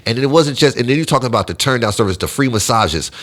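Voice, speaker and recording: A man telling long, animated stories in a casual chat, acting out what others said. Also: mid-range voice, fast. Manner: animated storyteller, quotes others in voices. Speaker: podcast guest.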